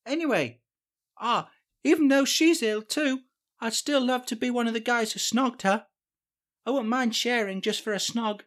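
A woman's voice: a little high, moderate pace, natural voice. A woman voicing an odd, creepy boy who hosts a spy podcast, rambling and awkward with lots of fillers. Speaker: podcast host.

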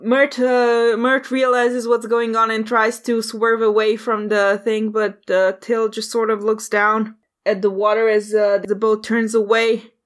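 A woman running a tabletop game as game master, describing scenes haltingly and calling for dice rolls. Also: on the high side, level tone.

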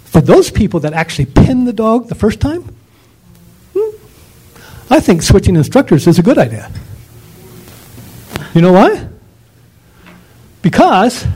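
A man's voice: sits high, a little mellow, breathy edge, poor audio. A man lecturing on dog training in an emphatic, ranting way, full of rhetorical questions.

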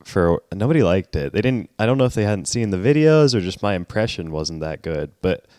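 A man with a low, deep voice trades jokes in casual podcast chat. His delivery is dry and deadpan. The sound is close and dry, with no room echo. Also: brisk, clear, resonant tone. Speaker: podcast co-host.

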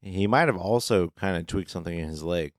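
A low-voiced man talks a little fast as a co-host on a fantasy football podcast. His casual sports chat is loose and somewhat profane, with workplace analogies mixed in. There's no room sound, and it's studio quality.

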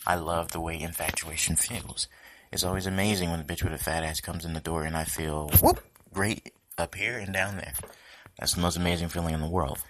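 Low-voiced man ranting on a podcast. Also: fairly even intonation, a little fast. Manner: profane, rambling, joking. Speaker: podcast host. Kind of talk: casual solo podcast monologue. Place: home kitchen.

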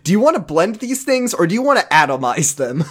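Animated, giggly podcast co-host. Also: medium pitch, quick pace, slightly rough. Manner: giggly, rambling, jokey. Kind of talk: casual recap chat.

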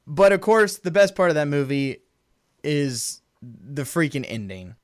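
A man's voice: a little high, big pitch swings, unhurried. A man co-hosting a podcast, chatting casually about favorite movie scenes, laughing often and acting out lines. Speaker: podcast co-host.

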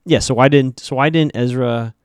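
A man's voice: mid-range voice, normal speed, no echo, clean studio sound. A man hosting a podcast, casually recapping a TV episode with chatty, wry asides.

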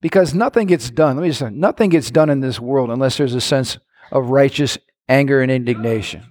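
A male pastor preaching an animated sermon, acting out quoted voices and breaking into shouts. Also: mid-range voice, brisk.

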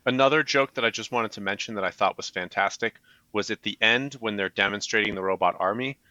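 A man's voice: on the low side, fast, pushed and bright, no room sound, rough recording. A man co-hosting a podcast, chatting enthusiastically about a movie and quoting its lines. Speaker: podcast co-host. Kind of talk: casual movie discussion.

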